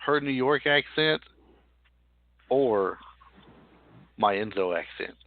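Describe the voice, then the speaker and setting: A man chatting casually as a show's host, his voice at an ordinary middle pitch. He rambles, circles back and repeats phrases to make a point. The sound is thin and phone-like, with a faint hiss underneath. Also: animated, slow pace. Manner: rambling, repeats himself, teasing. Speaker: podcast host. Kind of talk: casual chat recap.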